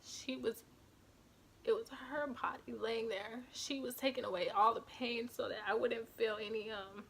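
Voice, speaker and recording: A woman's voice: fairly high pitch, moderate pace, vocal fry, fairly bright tone, slight background noise. A young woman vlogger telling a personal story to her camera, emotional and close to tears, with lots of fillers. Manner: emotional, often near tears, with many fillers. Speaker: beauty vlogger.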